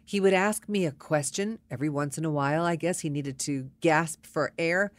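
A woman recounts a personal story in a chatty, wry and exasperated manner. Her voice sits a little low, and it is recorded close and dry with no room sound. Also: normal speed, no room sound.

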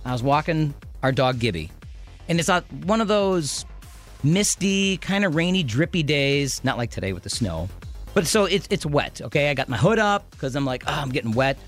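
Rambling, animated radio host man. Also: fairly high pitch, normal speed, faint music behind. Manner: rambling storyteller, self-interrupting. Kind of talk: casual radio banter.

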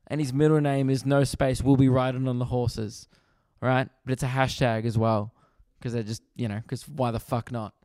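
An Australian man hosting a comedy podcast, delivering an animated, profane, exasperated rant in a monologue. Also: medium pitch, moderate pace, dry recording, studio quality.

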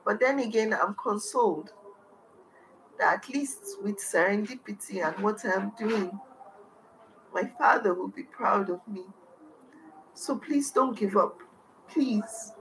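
A woman's voice: mid-range voice, slow, long pauses, fairly bright tone, a little hiss or hum, low-quality recording. A woman from Nigeria, a foundation founder, speaking as an interview guest with earnest, heartfelt emotion. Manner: earnest, heartfelt, tearful at times.

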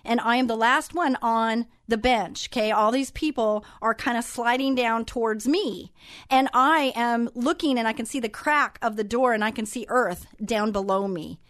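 A woman radio host chatting through a personal story in a lively, animated way, acting out the lines of the people in it. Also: on the high side, moderate pace, no echo, studio quality. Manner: chatty, animated retelling with quoted dialogue. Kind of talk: casual storytelling monologue.

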